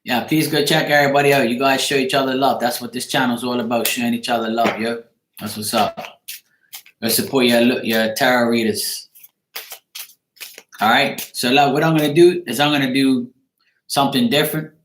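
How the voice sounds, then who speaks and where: A man's voice: mid-range voice, steady tone, normal speed, a bit bright, reverberant, slight background noise. A man with a Bermudian accent, a tarot reader chatting casually on a live stream, greeting viewers by name and swearing freely.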